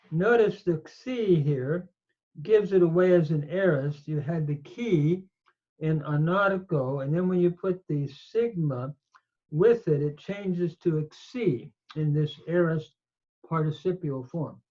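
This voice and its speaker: A man's voice: a little high, a little mellow, highs cut off. A man teaching a Greek grammar lesson on scripture, explaining verb forms step by step with fillers. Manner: slow, methodical explanation with fillers. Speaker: Bible teacher.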